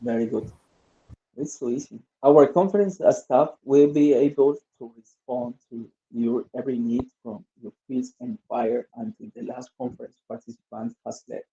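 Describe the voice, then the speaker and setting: A man's voice: mid-range voice, normal speed, gravelly, dark tone. A male English teacher, reading exercises aloud and drilling word stress in an online lesson. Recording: dull lo-fi audio.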